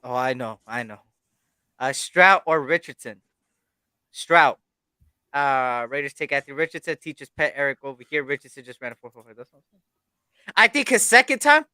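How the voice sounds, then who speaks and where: Brash, bright-voiced young man. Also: fairly high pitch, fairly quick, long pauses, smooth, dry recording, studio quality. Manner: excitable, brash, swears freely. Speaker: live stream co-host. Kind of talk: casual sports chat.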